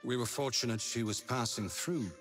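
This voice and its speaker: An actor with a British accent playing a stern, measured male leader who speaks formally in aphorisms. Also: medium pitch, a bit bright, soft background music, lightly acted. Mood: solemn.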